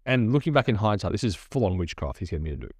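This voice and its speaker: A man telling his personal testimony in a lively, conversational storytelling manner. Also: lowish voice, very fast, slightly rough, dry recording, studio quality. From Australia.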